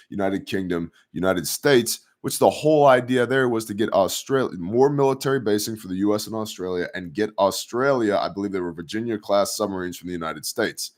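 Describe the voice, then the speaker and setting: A man hosting a casual news commentary show, rambling through hypotheticals in a sarcastic tone. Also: mid-range voice. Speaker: host.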